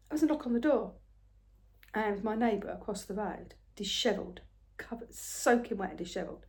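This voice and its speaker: Chatty older woman. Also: on the low side. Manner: rambling, chatty, often soft and murmured. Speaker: craft vlogger. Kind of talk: casual storytelling chat.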